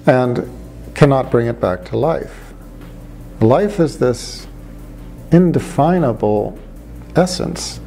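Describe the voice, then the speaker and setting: A middle-aged man, a former atheist doctor, making a measured argument with dry humor. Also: mid-range voice, dark tone, a little hiss or hum. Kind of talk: reflective monologue.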